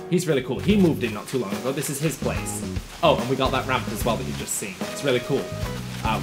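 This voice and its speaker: A man hosting a video game let's play, chatting to himself in an animated, talkative way. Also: mid-range voice. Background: game music.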